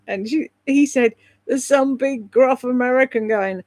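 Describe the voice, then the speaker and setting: A woman's voice: high-pitched, measured pace, darkish tone, dry recording. A British woman chatting casually on a live stream, rambling between topics and reading out viewer comments. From Britain. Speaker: live streamer and voice-over artist.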